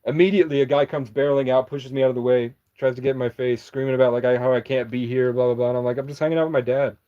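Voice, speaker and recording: A man's voice: mid-range voice, fairly even intonation, racing. A young man telling a story casually, rambling, swearing freely and backtracking to correct himself. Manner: rambling, profane, jumps back to correct himself. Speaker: vlogger. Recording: dull lo-fi recording.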